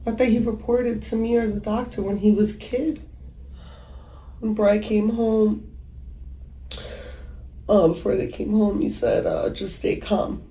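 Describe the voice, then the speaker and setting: Woman telling what happened, slow and halting, warm dark voice, echoey room w/ faint hum. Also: mid-range voice, fairly even intonation. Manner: halting, hesitant, with many pauses. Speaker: mother recounting a killing. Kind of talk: emotional interview testimony.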